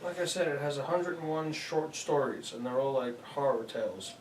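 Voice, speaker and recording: A mid-pitched, calm speaker answers patiently in a comedy sketch. The voice sits back from the microphone in a roomy space, with a faint hum of ambience underneath. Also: normal speed, distant mic.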